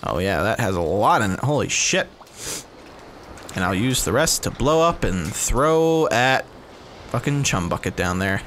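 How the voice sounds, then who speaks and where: A man's voice: fairly low pitch, very animated, a little slow, a bit bright, a little hiss or hum. A man hosting a let's play, giving casual gameplay commentary with laid-back, profane, giggly asides.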